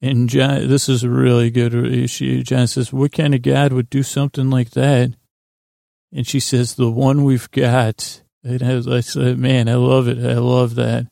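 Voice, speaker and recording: Very gravelly, flat-voiced man rambling. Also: mid-range voice, measured pace, no room sound, clean studio sound. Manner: meandering, loose retelling with many fillers. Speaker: podcast host. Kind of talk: rambling bedtime episode recap.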